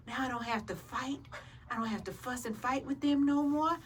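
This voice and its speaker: A woman's voice: high-pitched, animated, normal speed, sharp tone, slight background noise. A woman homesteader recording a casual vlog outdoors at her backyard coop, playfully teasing and talking to her hens as if they were children.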